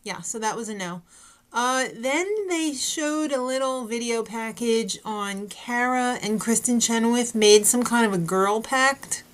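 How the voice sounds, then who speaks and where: A woman talks her way through a casual recap, tossing in sarcastic asides and frequent "uh"s. Her voice sits a little high. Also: unhurried. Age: adult parent. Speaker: recap vlogger.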